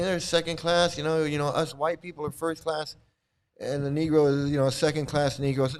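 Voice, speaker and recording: A man's voice: on the high side, level tone, normal speed. A man on a live stream reading quotes aloud and commenting on them with scorn, sometimes bursting out in anger and swearing. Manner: angry outbursts with swearing.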